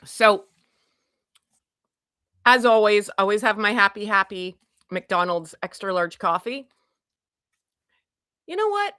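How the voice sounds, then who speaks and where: A woman from Canada hosting a casual livestream from home, chatty and self-deprecating, greeting viewers by name in a loud voice. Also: medium pitch, animated, slow, long pauses, clean tone, dry recording, clean studio sound. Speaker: livestream host. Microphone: desk microphone.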